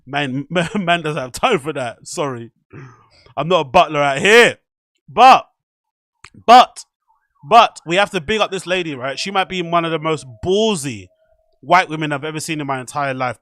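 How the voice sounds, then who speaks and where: Excitable man reacting to clips. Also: a little high, normal speed, no room sound, studio quality. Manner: excitable, swearing, laughing, slangy. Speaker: host. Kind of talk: reaction commentary.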